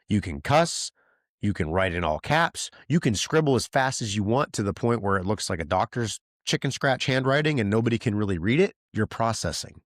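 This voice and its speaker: A man's voice: on the low side, dry recording, clean studio sound. A male podcast host giving casual, emphatic advice, repeating himself and checking in with frequent okays. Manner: emphatic and repetitive, with many okays and likes.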